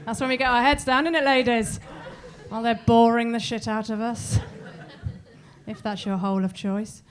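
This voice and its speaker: A woman's voice: a little high, fairly even intonation, moderate pace. A middle-aged woman with a southern English accent doing bawdy stand-up crowd work in a comedy club, with cheeky apologetic asides. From southern England. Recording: live club recording with audience laughter.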